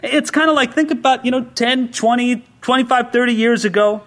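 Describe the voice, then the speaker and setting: A man's voice: extremely high pitch, fairly even intonation, brisk, fairly bright tone. A male pastor preaching a sermon, with acted asides and everyday examples.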